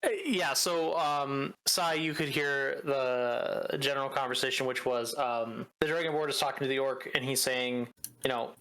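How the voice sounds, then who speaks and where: A man running a tabletop game, narrating casually with frequent fillers. His voice is bright and sits at a middling pitch. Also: fairly even intonation, moderate pace, clean tone, rough recording. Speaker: game master.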